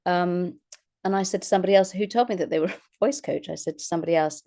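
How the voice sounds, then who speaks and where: A woman's voice: on the low side, level tone, fast, dark tone. A woman, an actress and voice artist chatting as an interview guest, self-deprecating and laughing often as she talks. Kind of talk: casual interview chat.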